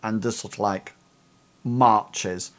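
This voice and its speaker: A man's voice: on the low side, fairly even intonation, takes it slowly, fairly bright tone. A man narrating as game master of a streamed tabletop game, rambling with many fillers and restarts.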